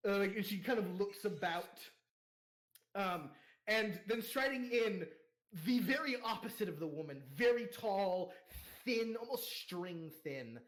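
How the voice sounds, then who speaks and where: A man's voice: sits high, animated, unhurried. A young man narrating as game master, rambling with fillers and laughter.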